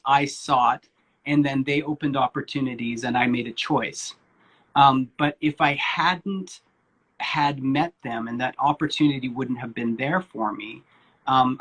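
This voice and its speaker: Candid man with a husky voice. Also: mid-range voice, fairly bright tone. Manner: candid and informal, swears casually, many fillers. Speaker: guest speaker, spiritual coach. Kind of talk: candid personal storytelling.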